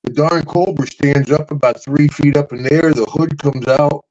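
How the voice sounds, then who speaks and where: A man's voice: fairly high pitch, normal speed. An older man hosting a podcast, spinning wrestling stories in casual chat, laughing often and acting out the voices. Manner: animated yarn-spinner, laughs through stories, acts out voices. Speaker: podcast host, former pro wrestler. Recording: dull lo-fi audio.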